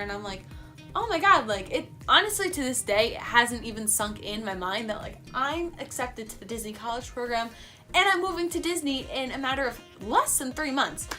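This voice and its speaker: Young woman, vlogger, casual chatty storytelling, excitable, fairly high voice, bright tone. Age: young adult.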